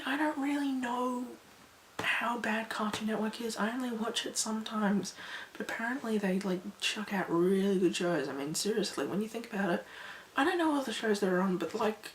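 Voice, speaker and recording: Chatty young woman in an echoey room. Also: medium pitch. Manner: chatty, rambling, animated. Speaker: vlogger. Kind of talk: casual talk to camera. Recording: echoey room, faint background noise.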